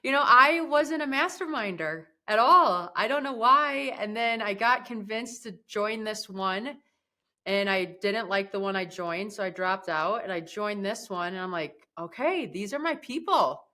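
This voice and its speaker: A woman hosts a podcast with a bright, forward tone and an effusive, enthusiastic manner. Her speaking pitch sits in an ordinary middle range. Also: measured pace. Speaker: podcast host. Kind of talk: casual interview.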